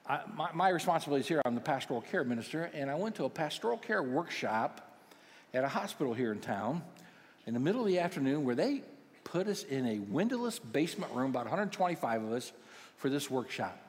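A man's voice: medium pitch, big pitch swings, fast. A man in his sixties, a pastoral care minister, preaching a sermon with humorous, self-deprecating stories for the congregation. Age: 60s. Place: large church auditorium. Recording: long church hall reverb.

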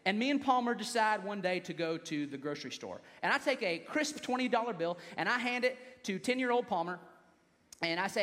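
A man's voice: high voice, expressive, a little fast, a bit bright. A young adult man preaching a sermon to a congregation in a conversational way, with joking asides. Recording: long hall reverb.

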